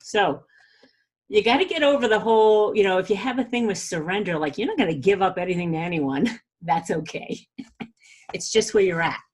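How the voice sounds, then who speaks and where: A woman's voice: mid-range voice, expressive, fairly quick, husky. A woman hosting a podcast, giving a casual, chatty spiritual talk with frequent laughs and fillers. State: a little weepy. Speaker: podcast host.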